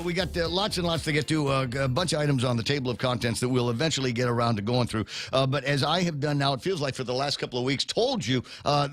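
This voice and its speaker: A man's voice: medium pitch, fairly bright tone, dry recording. Joking, rambling male radio host. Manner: rambling, joking, many fillers. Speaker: radio talk show host. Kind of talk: casual radio talk. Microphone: studio microphone.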